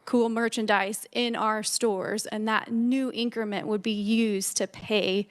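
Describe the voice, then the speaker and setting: A woman with a Midwest American accent, a state official explaining a project to a legislative committee in a measured way. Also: medium pitch, steady tone. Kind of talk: formal testimony answering questions. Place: legislative hearing room.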